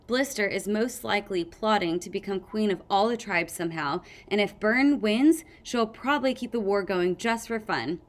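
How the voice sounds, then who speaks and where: A woman's voice: medium pitch, normal speed, few pauses, lightly acted. A woman reads as a bookish young male dragon from a storybook, gloomy and fond of lecturing. He sounds like the know-it-all of the class.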